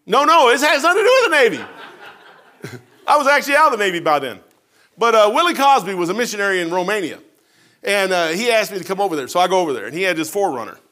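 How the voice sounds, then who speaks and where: A middle-aged preacher man with a high, bright voice, spinning a folksy sermon story. His grammar is casual and homespun, and he talks with lively animation, sometimes dropping low and sometimes rising. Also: fast.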